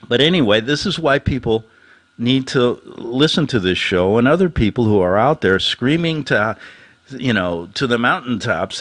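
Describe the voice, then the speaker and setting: A man hosting his own talk show, ranting in an animated, sarcastic monologue that swings between loud outbursts and low muttering. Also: moderate pace. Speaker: host.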